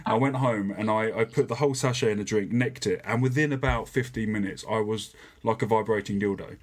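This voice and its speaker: A man with a fairly low voice hosts a casual fitness podcast. He is chatty and laughs often, tripping over and restarting his sentences as he goes. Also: a little fast, few pauses. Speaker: podcast host.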